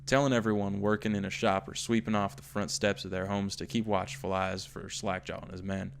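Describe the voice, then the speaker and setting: A man's voice: on the low side, level tone, gravelly, a little hiss or hum. A man voicing a male slum gang member, telling the tale with a put-on Southern drawl as he reads an in-game note aloud. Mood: storytelling. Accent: slipping into a put-on American Southern drawl. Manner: unhurried storytelling read-aloud. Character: male slum gang member recounting his boss's rise.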